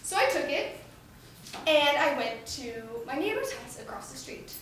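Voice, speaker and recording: A young woman with a high, bouncing voice tells a stand-up story on a theater stage, jumping into shrill voices for the people in it. She is heard from far off in an echoey hall. A steady hiss sits under her voice. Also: normal speed. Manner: animated, acts out quotes in shrill voices. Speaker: stand-up comedian. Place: theater stage with a laughing audience.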